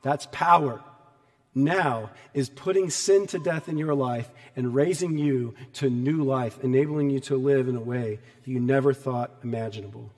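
A man's voice: medium pitch, normal speed, a little mellow, big-room sound. A man, a pastor, preaching a sermon in a conversational, storytelling way, with emphatic repetition.

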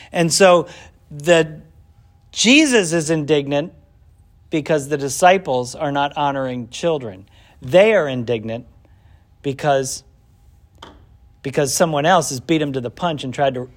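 Speaking at a measured pace in a fairly high register, this man teaches an informal Bible class. He quizzes his students, supplies the answers on his own, and animates the narrative by performing snippets of it.

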